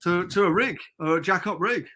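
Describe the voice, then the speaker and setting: Chatty middle-aged man, bright forceful voice. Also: high voice, moderate pace. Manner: rambling storyteller, chatty and informal. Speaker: podcast guest. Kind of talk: casual chat. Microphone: remote call.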